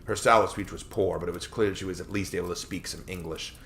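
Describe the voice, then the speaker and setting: A man reading aloud a first-person story he wrote himself, in a measured, expressive narrating manner. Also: low-pitched, a little hiss or hum. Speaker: storyteller reading his own fiction.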